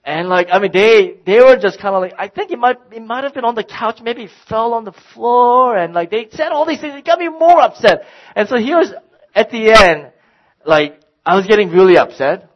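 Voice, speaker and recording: A middle-aged man, a pastor, preaching a sermon and telling a personal story in an animated way, acting out his own exasperation. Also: high voice, moderate pace, highs cut off.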